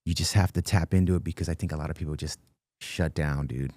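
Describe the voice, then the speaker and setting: A man in his fifties talks through an earnest, reflective point in a casual podcast chat, with a low, mellow voice. The sound is dry and close, as from a studio mic. He keeps circling back with "listen, man". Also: steady tone, fast talker, no echo. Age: 50s. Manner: earnest, philosophical, says "dude" and "listen" often. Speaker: guest musician.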